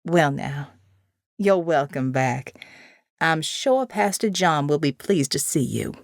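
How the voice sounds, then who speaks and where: A woman voicing a kindly, fussy old church sister who speaks in a motherly way, lower than her narration. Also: animated, slow, no echo, studio quality, full character voice. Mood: fond.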